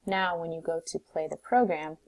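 A woman teacher calmly walking through a coding tutorial step by step, recorded on a desktop mic. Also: sits low, normal speed, rough recording. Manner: calm, step-by-step instructions.

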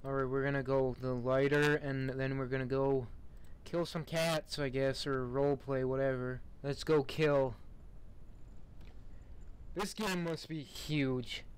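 A man's voice: medium pitch, steady tone, unhurried, clear, resonant tone. A young man giving casual, sarcastic commentary while playing a game, mocking what he sees and laughing in bursts. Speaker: gamer.

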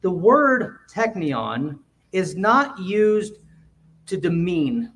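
A man's voice: sits high, big pitch swings, extremely slow, fairly bright tone, distant mic. A male pastor giving an explanatory sermon in a church, restarting phrases and putting questions to his congregation. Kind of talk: expository sermon. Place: church sanctuary.

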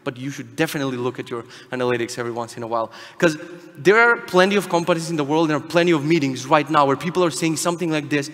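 A man's voice: a little high, a bit bright. A man from Macedonia giving a casual, joking, profane conference talk from a stage. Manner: irreverent, fast, profane, jokey. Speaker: conference speaker. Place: large conference hall. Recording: reverberant conference hall.

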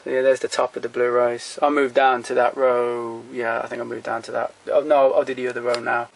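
A man's voice: medium pitch, little pitch movement, fairly quick, vocal fry. A man walking through his film collection at home in a casual, rambling way, blunt and opinionated, swearing freely and trailing off between titles, recorded on a handheld camera.

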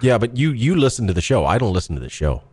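Animated, playful male host. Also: mid-range voice, slightly rough, no room sound. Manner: quick, playful, restarting. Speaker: show host. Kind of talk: casual chat.

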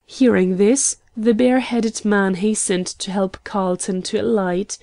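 Woman narrator, audiobook, slow measured reading, mellow tone, dry close sound. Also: mid-range voice, gravelly, dry recording. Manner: measured, even storytelling. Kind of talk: scripted narration.

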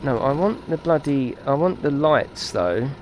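A man giving excitable, chatty live commentary while streaming a game and talking to his viewers. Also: mid-range voice, unhurried, slight background noise.

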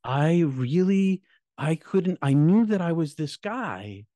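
A middle-aged man and minister recounting his near-death experience in an emotional, halting way, repeating words, his voice climbing high at painful moments. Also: lively intonation, warm tone, dry recording. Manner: halting, repeats words, voice rising high when reliving pain. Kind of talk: emotional personal storytelling.

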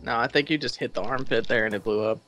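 A man's voice: mid-range voice, quick pace, a bit bright, soft background music. A man chatting casually while playing a video game with friends, laughing often. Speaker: gamer. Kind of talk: casual let's-play chat.

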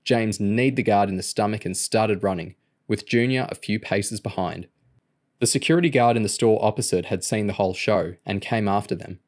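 A man with a lowish voice reads a novel aloud as an audiobook. His storytelling stays steady and even from line to line. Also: normal speed. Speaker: audiobook reader. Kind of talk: audiobook narration.

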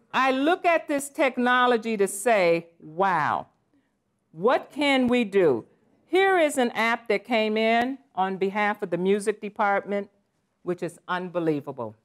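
A woman in her sixties giving a lively, playful conference presentation with exclamations and asides. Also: medium pitch. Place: conference session room.

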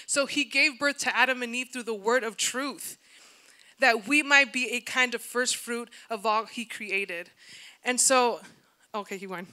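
A woman pastor giving a lively, conversational sermon, acting out little asides to the congregation. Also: on the high side, unhurried, clean tone. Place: church.

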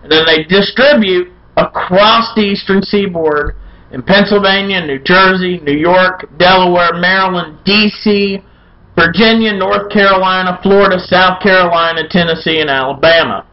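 Brief: high-voiced male beer vlogger, brash and folksy, dull lo-fi recording. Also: moderate pace. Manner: loud, folksy and irreverent, with playful chants. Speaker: beer review show host. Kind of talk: casual beer review vlog.

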